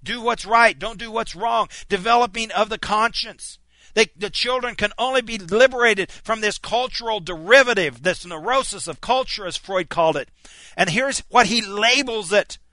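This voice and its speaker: A man preaching a sermon, impassioned, swinging from near shouts down to low, quiet asides. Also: moderate pace, dry recording.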